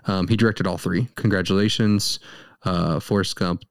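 Low-voiced man trading dry banter. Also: steady tone, moderate pace, no echo. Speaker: podcast co-host. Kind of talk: casual podcast chat.

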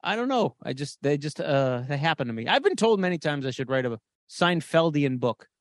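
A podcast co-host with a slightly high, sing-song voice tells a story in brisk, casual chat, swearing freely. The studio sound is clean, with no room sound.

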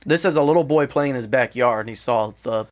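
A man on a casual podcast, telling a story with crude jokes and reading passages aloud slowly. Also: medium pitch.

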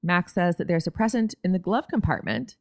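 A woman's voice: fairly low pitch, sing-song, brisk, no echo. Wry chatty woman, dry close sound. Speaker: podcast co-host. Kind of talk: casual chat recapping a TV episode.

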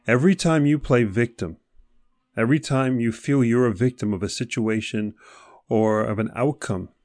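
Male motivational speaker, mid-pitched, direct and challenging, close dry recording. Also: darkish tone, dry recording. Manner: direct, questioning the listener, mimics excuses. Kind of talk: motivational monologue.

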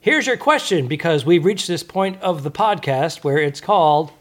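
Man, podcast co-host, casual chat, animated storyteller, swooping pitch. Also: normal speed. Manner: animated storyteller, bursts of laughter.

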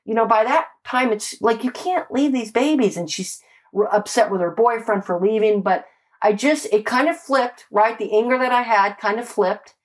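A woman's voice: fairly high pitch, normal speed. A woman, a homicide detective, telling stories from her street days in a casual, emphatic way, swearing and often asking "right?". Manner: animated, emphatic, swears, peppers speech with "right?" and "like". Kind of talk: casual storytelling in conversation.

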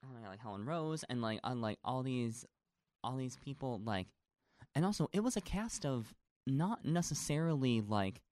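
Guy rambling about theater, lots of likes, medium pitch, dead dry mic. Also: expressive, moderate pace, darkish tone, dry recording. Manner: rambling, gushing, heavy on fillers. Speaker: stage actor guest. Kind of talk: casual chat.

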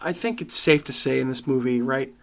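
A man's voice: medium pitch, brisk, gravelly. A man co-hosting a casual movie review chat, emphatic and swearing freely as he tells it. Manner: profane, emphatic, animated storytelling. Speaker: podcast co-host.

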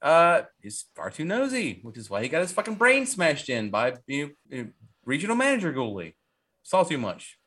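A man co-hosting a podcast, casually recapping a horror movie in a rambling, profane, animated way. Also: a little high, moderate pace, breathy edge. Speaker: podcast co-host.

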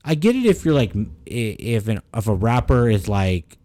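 Low-voiced and moderately paced, a man co-hosts a casual podcast with no room sound in the recording. His talk wanders and is full of profanity, turning fiery whenever he launches into a rant.

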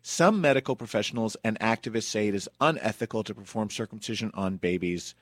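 Brief: chatty male podcast host, mid pitch, dry close mic. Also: a little fast, no echo. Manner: chatty, with asides and fillers. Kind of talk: casual podcast storytelling.

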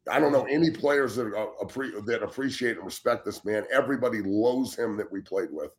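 A man's voice: lowish voice, brisk. A man in his forties, a former football player and show guest, ranting bluntly and with heavy swearing, often restarting his words. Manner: blunt, heated and heavily profane; repeats words when starting sentences. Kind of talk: casual sports talk show rant.

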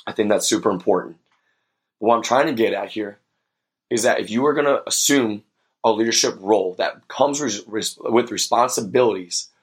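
Young male podcast host, slightly low voice, sincere and reflective storyteller. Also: breathy edge. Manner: earnest and reflective, with many fillers. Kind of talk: personal storytelling monologue.

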